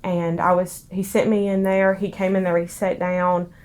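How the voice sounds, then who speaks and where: A young woman with a Southern US accent, crying as she recounts a painful memory in a halting, soft-spoken interview. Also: lowish voice, flat delivery. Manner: halting, soft-spoken, many pauses and restarts. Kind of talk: emotional personal testimony.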